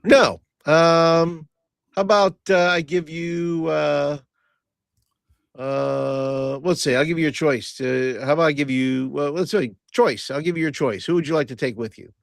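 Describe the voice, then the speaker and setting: A man's voice: fairly high pitch, unhurried, vocal fry, dry recording, studio quality. A man playing a crime crew boss in a tabletop game, talking through choices with lots of hesitation. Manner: hesitant, many fillers, laughs easily. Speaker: player. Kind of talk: tabletop role-play in character.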